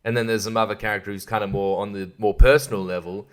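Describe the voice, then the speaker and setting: A man's voice: on the low side, steady tone, fast, smooth. Rambling, sarcastic man. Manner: rambling, sarcastic, laughs often, does mocking voices. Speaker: podcast host reviewing films. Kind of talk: casual film review monologue.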